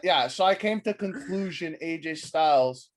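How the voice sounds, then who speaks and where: A man's voice: a little high, animated, moderate pace. A man co-hosting a wrestling podcast, talking in a rambling, jokey way with plenty of swearing, tired from a night without sleep. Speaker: podcast co-host. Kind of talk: casual wrestling chat.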